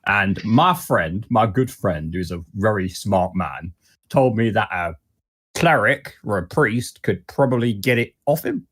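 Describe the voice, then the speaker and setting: A man with a fairly low voice plays his character in a tabletop game. His pitch swings about lively as he talks in a chatty, playful way. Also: unhurried. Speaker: player. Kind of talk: in-character tabletop role-play.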